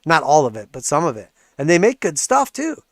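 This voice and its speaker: A man's voice: a little high, huge pitch swings, a little fast, fairly bright tone, no room sound, clean studio sound. A man hosting a livestream about markets, ranting sarcastically and swearing, often laughing. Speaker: livestream host and market analyst.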